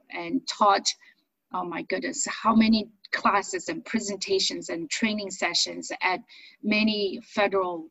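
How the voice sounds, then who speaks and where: Chatty Chinese-born woman, husky voice. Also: medium pitch, no room sound, poor audio. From China. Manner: chatty, animated storyteller. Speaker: business owner and accent coach. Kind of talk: interview storytelling.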